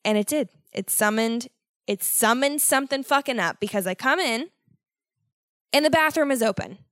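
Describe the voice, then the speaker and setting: Swearing, animated young woman podcaster. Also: on the high side, moderate pace, no room sound, clean studio sound. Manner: animated, swears constantly, mock-dramatic exasperation. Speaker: podcast host. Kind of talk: solo podcast storytelling.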